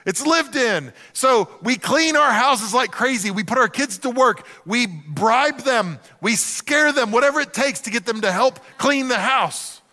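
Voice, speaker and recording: A middle-aged man preaching a sermon to a church, telling humorous, animated stories with acted-out asides. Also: very high-pitched, a little slow, few pauses, in a large hall. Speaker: pastor.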